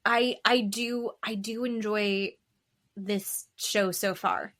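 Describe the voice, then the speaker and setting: A woman co-hosting a podcast, chatting about reality TV in an animated way with quick asides and bursts of laughter. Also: medium pitch. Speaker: podcast co-host. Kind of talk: casual chat about reality TV.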